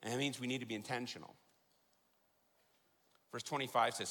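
A middle-aged man preaching a sermon in a large church, joking and then driving points home with loud emphasis. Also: mid-range voice, a little fast, long pauses. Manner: animated, jokey preaching with sudden loud emphasis. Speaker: pastor. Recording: long hall reverb.

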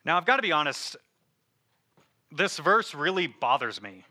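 A man's voice: a little high, sing-song, normal speed, pushed and bright. A man preaching a casual, conversational sermon, full of fillers and joking asides.

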